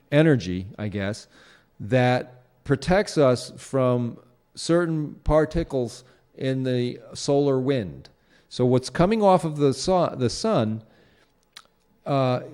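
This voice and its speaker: A man's voice: medium pitch, dark tone. A man hosting his own show, talking through a casual solo commentary in a rambling way, with many fillers and restarts. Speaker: show host.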